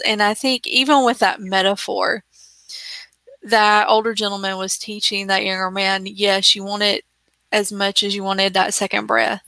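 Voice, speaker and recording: A woman host talking unhurriedly, with a bright, forward voice. She reflects as she speaks. The recording is dry and close. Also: mid-range voice, dry recording. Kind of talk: conversational chat.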